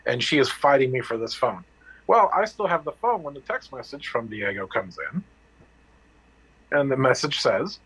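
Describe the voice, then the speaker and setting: A man's voice: medium pitch, big pitch swings, a bit bright, breathy edge, rough recording. A man candidly telling a personal story, blunt and profane, acting out the dialogue and restarting his sentences. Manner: halting with restarts and fillers.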